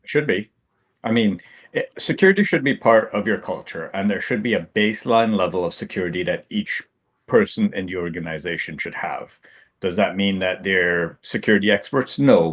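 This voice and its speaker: A man with a very low voice joins a casual online panel as a guest. He explains things plainly and now and then teases the host dryly. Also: fairly bright tone.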